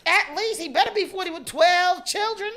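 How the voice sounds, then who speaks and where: A woman's voice: very high-pitched, normal speed, a bit bright. A woman co-hosting a morning radio show, chiming in with incredulous questions in casual banter. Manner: chimes in with incredulous rhetorical questions. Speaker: radio co-host.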